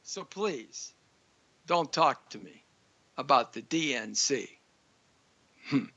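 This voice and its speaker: Fired-up guy hosting a talk show, sharp bright voice, ranting, kinda muffled lo-fi sound. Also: medium pitch, slow, creaky. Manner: ranting, frustrated.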